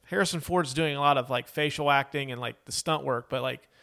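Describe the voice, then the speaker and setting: A man's voice: medium pitch, brisk, gravelly, bright, forceful tone. Man, casual movie chat, rambling, lots of ums and likes, laughs often. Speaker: podcast co-host.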